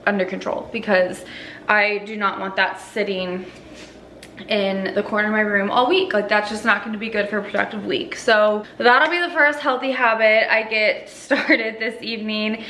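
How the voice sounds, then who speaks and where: In a casual at-home vlog, a woman in her twenties talks over her routine, saying "like" a lot and slipping in little laughs. Her mid-range voice is bright and forceful, fairly even in intonation, at a moderate pace, recorded indoors with a roomy feel and slight background noise.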